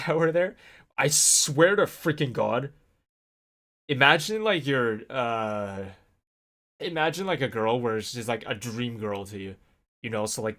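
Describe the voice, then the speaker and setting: A young adult man with a lowish voice records a solo vlog, telling a long, laid-back story. Fillers crop up constantly, along with animated asides where he swears to God.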